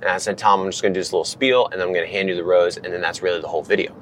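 Fast-talking deep-voiced man telling a story. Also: slight background noise. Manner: animated, acts out quotes from others. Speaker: guest. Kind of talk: casual storytelling. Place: car.

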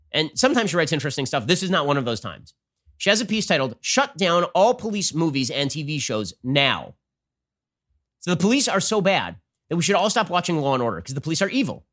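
A man hosting a political commentary show, talking in a rapid-fire, sarcastic and combative way. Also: a little high, fairly bright tone. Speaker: show host.

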